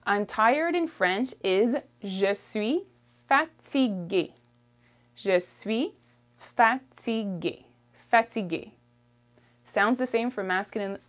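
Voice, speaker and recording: A woman teaching a language lesson, patiently repeating each phrase and checking in with "okay?". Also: medium pitch. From Canada. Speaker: French teacher.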